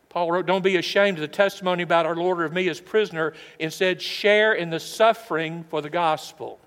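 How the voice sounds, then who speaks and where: An older man preaching a sermon as the pastor, emphatic and rising for stress, then dropping to hushed asides. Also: on the high side, long reverb tail. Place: church sanctuary.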